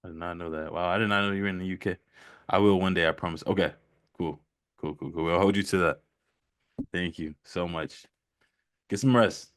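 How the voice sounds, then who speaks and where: A man's voice: low voice, fairly even intonation, fairly quick, pauses often, dry recording, clean studio sound. A man hosting a casual live stream chat while painting, laid-back, laughing often and repeating himself. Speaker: livestream host.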